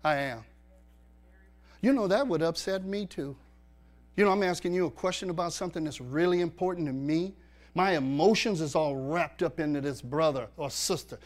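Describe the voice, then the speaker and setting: A man's voice: on the high side, moderate pace. A male pastor preaching a sermon in a church, pressing the congregation with rhetorical questions and emphatic repetition.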